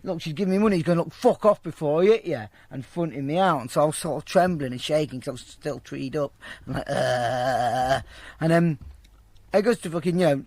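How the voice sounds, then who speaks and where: Fast-talking, foul-mouthed man. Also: fairly high pitch, dry recording. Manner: blunt, profane, animated storytelling. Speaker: storyteller. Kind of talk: casual anecdote told to an interviewer.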